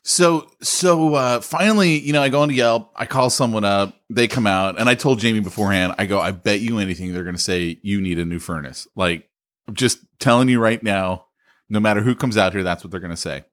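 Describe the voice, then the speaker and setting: A man's voice: on the low side, fairly quick. A man co-hosting a podcast, telling a story about his own life in casual chat, self-mocking and often laughing. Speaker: podcast co-host.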